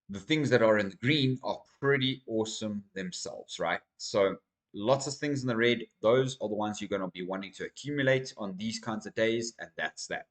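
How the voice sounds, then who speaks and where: A man hosting his own crypto channel, with a fairly low voice. He talks to his viewers in an energetic, rambling manner, calling them guys as he walks through market data at his desk. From South Africa. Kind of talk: casual market commentary to camera.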